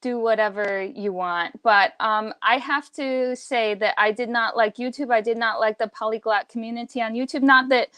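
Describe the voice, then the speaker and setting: Opinionated woman with a fairly high voice. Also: normal speed, few pauses, smooth, no echo. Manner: emphatic, opinionated, animated impressions. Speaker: guest, language teacher. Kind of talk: casual livestream chat.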